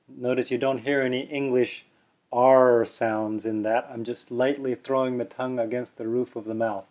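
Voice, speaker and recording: This language teacher's mid-range voice is level in tone, a little mellow, and at normal speed as he patiently teaches pronunciation on video. He demonstrates sounds aloud, stays casually chatty, and sometimes corrects himself. The sound is dull lo-fi video audio from a camera mic that appears on screen.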